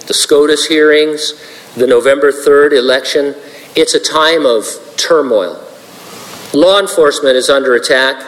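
A man's voice: fairly high pitch, fairly bright tone. A male pastor giving a verse-by-verse sermon, earnest with dry asides. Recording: long hall reverb.

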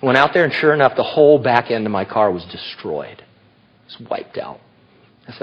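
A man's voice: medium pitch, big pitch swings, a little fast, slightly rough. A middle-aged man preaching a sermon, telling stories animatedly and acting out quoted voices. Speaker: pastor. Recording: dull lo-fi recording.

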